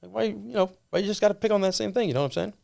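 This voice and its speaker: A man hosting a podcast in a studio, laid-back and quick to laugh. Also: high voice, vocal fry, darkish tone. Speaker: podcast host. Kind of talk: casual podcast chat.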